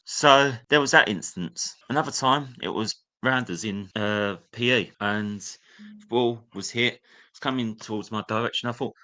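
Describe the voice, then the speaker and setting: A young man recounts his schooldays in a candid, storytelling way. His voice sits fairly low but sounds bright and forward. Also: brisk. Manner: candid, reliving memories, acts out a teacher's sneering voice. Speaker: guest. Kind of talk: personal storytelling.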